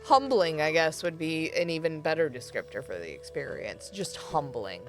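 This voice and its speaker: A woman's voice: low voice, expressive, moderate pace, faint music behind. A woman streaming a game, talking casually with sarcastic, self-mocking commentary and frequent swearing.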